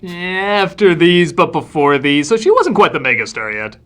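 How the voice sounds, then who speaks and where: A man's voice: on the high side, very animated, moderate pace, a bit bright. A man giving a scripted comedic film review with a sarcastic, wry delivery. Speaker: film critic.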